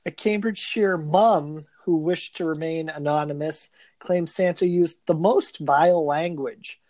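Amused man reading news, mellow voice. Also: a little high, fairly even intonation, measured pace, no room sound. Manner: reads in a casual, amused way. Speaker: podcast co-host. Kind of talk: reading a news story aloud with laughter.

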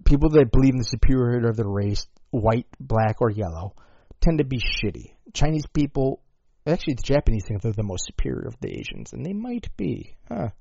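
A man delivering a rambling, profane comedic rant at home, swinging between loud outbursts and low mutters. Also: sing-song, a little fast, gravelly, no room sound. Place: at home with a dog. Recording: dull lo-fi dry sound.

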